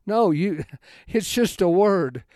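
A man giving an informal Bible study talk in a folksy, rambling way, halting often and restarting his sentences. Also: high voice, animated, a little mellow, no echo, clean studio sound. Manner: folksy, conversational storytelling. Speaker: Bible teacher.

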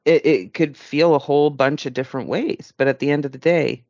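A man's voice: a little high, brisk, darkish tone, dry recording, muffled recording. A man co-hosting a podcast, speaking in an earnest, reflective and encouraging way. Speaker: podcast co-host. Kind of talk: casual podcast chat.

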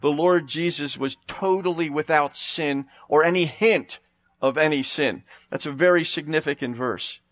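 A man preaching a sermon outdoors, reading scripture with slow, rising emphasis. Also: on the high side, a bit bright, no echo. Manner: emphatic, slows and rises to stress scripture.

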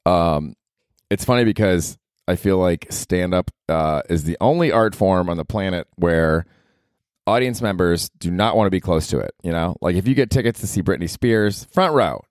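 A male comedian hosting his podcast, rambling casually and profanely, his pitch leaping up for emphasis. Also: expressive, moderate pace, dry recording, clean studio sound.

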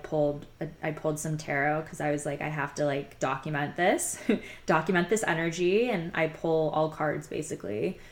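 A young woman casually telling a personal story, rambling and candid, with many fillers. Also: low-pitched. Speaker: podcast host telling her own story.

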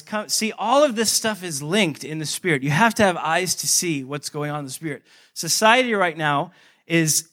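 A man's voice: on the high side, sharp tone. A man in his thirties preaching a sermon to a congregation, emphatic, repeating his points and asking the listeners questions. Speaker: pastor. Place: church service.

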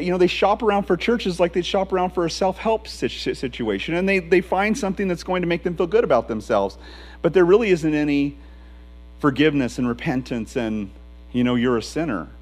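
A man's voice: medium pitch, a little mellow. Earnest male radio preacher. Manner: conversational, earnest preaching with restarts. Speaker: teaching pastor. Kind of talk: radio sermon.

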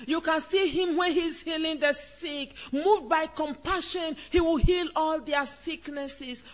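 Woman preacher, high pitch, impassioned sermon that calls out to each listener. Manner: fervent, direct address to the listener.

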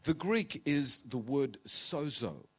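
A man's voice: medium pitch, very animated, slightly rough. A man in his fifties preaching a sermon in an auditorium, emotional and close to tears, dropping to whispers. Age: 50s. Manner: emotional, tearful preaching with dramatic pauses and whispers. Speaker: pastor. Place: large auditorium.

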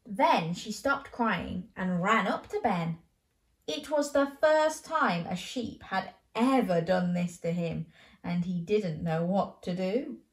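A woman's voice: medium pitch, expressive, slow pace, roomy sound. A woman hosting a children's show, reading a bedtime story aloud playfully and asking the listener questions.

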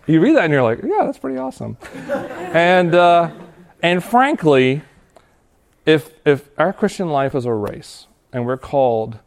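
A man's voice: on the high side, darkish tone. A male pastor giving an earnest, conversational sermon to students, reading scripture and explaining it. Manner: earnest, conversational preaching with restarts and quick laughs.

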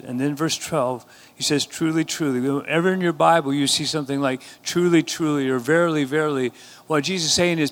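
Man preaching with a fairly high voice. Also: a little fast. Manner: rising to emphatic, call-and-response exhortation. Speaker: pastor. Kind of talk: sermon. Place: church sanctuary.

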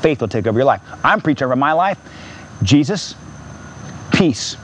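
A man pastor preaching an impassioned sermon in a church, repeating phrases and rising to near-shouts. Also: medium pitch, sing-song, moderate pace, a little hiss or hum.

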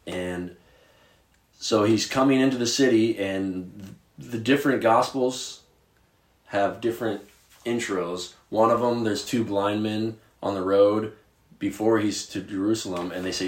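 A man from Virginia co-hosting a podcast, chatting about Bible stories in a casual, animated way with plenty of filler words. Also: lowish voice, moderate pace, echoey room. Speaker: podcast co-host.

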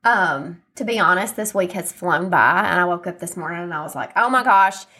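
A woman's voice: lowish voice, a little fast, bright, forceful tone, breathy edge. Woman, 30s-40s, solo podcast host; chatty and encouraging, voice scratchy and muffled with allergies. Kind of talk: casual solo podcast chat.

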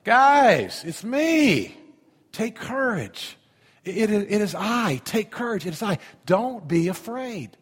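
A preacher lifting his voice into Jesus as a cheerful, reassuring friend, with casual, friendly warmth. His voice sits a bit high and a touch husky. The room gives it a long, ringing reverb. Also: big pitch swings, takes it slowly, full character voice.

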